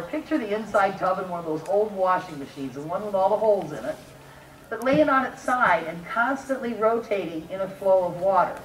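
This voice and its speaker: A woman docent giving a folksy, homespun tour presentation on a mining dredge. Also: medium pitch. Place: outdoors on a dredge barge. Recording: roomy distant sound with faint noise.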